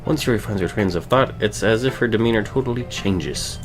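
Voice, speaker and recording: A man's voice: fairly low pitch, brisk, over music. A man hosting a game playthrough, reading the text aloud with playful, rambling, mock-indignant asides. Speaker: gaming channel host.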